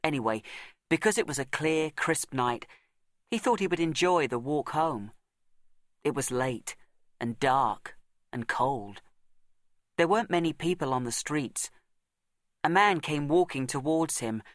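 A man narrates a storybook in a slightly high voice. He reads in a measured, deliberate way, slowing down and pausing for effect. The recording is close and dry, with no room sound. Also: animated, a bit bright, no echo. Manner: measured, dramatic pauses and slowed emphasis.

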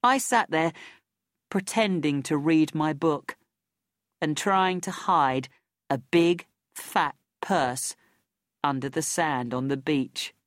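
A woman narrating a first-person story in a measured, deliberate way with dry hints of irony. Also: low-pitched, dry recording.

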